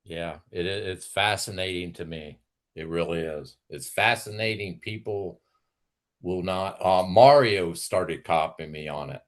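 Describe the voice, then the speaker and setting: A man's voice: low-pitched, measured pace. A man hosting a live stream, ranting and mocking in casual, profane chat.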